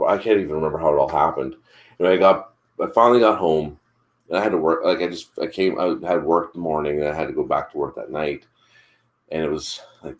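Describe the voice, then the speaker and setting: A man with a very low voice chats casually as the host of a morning show. He tells a rambling family story and keeps circling back with "like" and restarts. His delivery is loose and conversational. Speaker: father.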